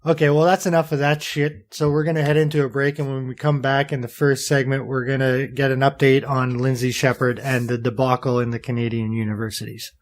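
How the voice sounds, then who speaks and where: A man's voice: mid-range voice, flat delivery, brisk, hardly any pauses. Blunt, joking male podcast host. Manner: blunt, profane, teasing. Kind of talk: casual podcast chat.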